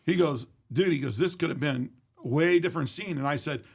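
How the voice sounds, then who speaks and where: A man's voice: a little high, fairly quick, gravelly, breathy edge. A man telling a story in casual conversation, blunt and profane, acting out every exchange. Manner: blunt, profane, emphatic retelling. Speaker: guest.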